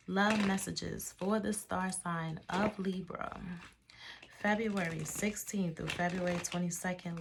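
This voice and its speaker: Over background noise, a woman with a fairly low voice gives a laid-back tarot reading. She swears and uses slang, calls the listener baby, and chants the sign names in a drawn-out way.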